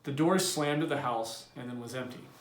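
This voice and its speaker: A man, a teacher, reading a novel aloud to his class in a plain, steady storytelling voice. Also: mid-range voice, normal speed. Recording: roomy echo.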